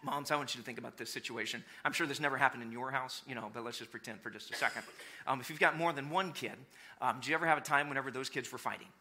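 A man's voice: mid-range voice, very fast. A man preaching a sermon in a church, acting out voices to make his points with humor. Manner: animated, acts out voices of people for humor. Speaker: pastor.

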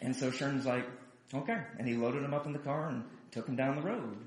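A man preaching a sermon, telling a story in a chatty, animated way and acting out the people in it. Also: medium pitch, brisk. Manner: animated, chatty storyteller who acts out quotes. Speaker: pastor. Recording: roomy echo.

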